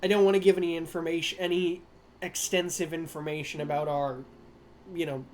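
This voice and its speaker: A man's voice: fairly high pitch, flat delivery, brisk, slight background noise, lightly acted. A man voicing a suspicious, guarded gnome man with an Australian or New Zealand accent, speaking warily and evasively.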